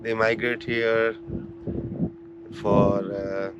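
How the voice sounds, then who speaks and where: A man speaks slowly and casually, pausing to search for English words as he explains where things are. Loud outdoor ambient noise sits right under his voice. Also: lowish voice, little pitch movement, highs cut off. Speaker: local guide at the salt plant. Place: outdoors at a salt plant.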